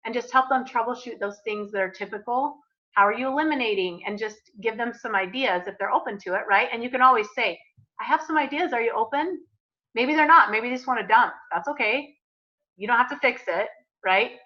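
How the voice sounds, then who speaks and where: Upbeat, bright-voiced woman coach. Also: fairly high pitch, a little fast, highs cut off. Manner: upbeat, chatty, eager. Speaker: business coach leading a group call. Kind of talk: live group coaching session.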